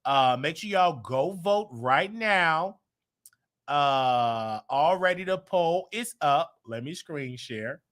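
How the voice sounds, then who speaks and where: American male livestream host, chatty and animated, slightly high voice, keeps clearing his throat. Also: slow. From United States. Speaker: show host. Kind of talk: livestream commentary talking to the chat.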